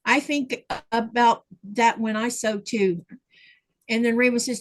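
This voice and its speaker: A woman hosts a sewing livestream, chatting loosely as she works. Her voice sits a little high, and she reads viewers' comments aloud between thoughts. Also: steady tone, unhurried, poor audio. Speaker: livestream host. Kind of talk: casual chat while sewing.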